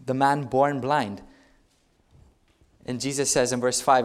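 A man's voice: medium pitch, steady tone, slow pace, clear, resonant tone. A male pastor preaching a sermon, retelling stories in a conversational way and putting rhetorical questions to the congregation.

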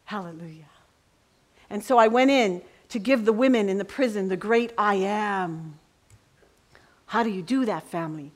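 A woman's voice: mid-range voice, moderate pace, pauses often. Impassioned woman preacher. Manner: impassioned, swings from hushed to ringing cries. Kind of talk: sermon.

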